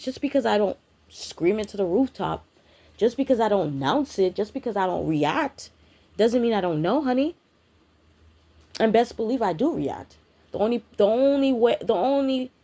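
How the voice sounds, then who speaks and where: A woman's voice: mid-range voice, gravelly, darkish tone. Blunt, profane woman ranting. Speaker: spiritual content creator. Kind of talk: ranting vlog monologue.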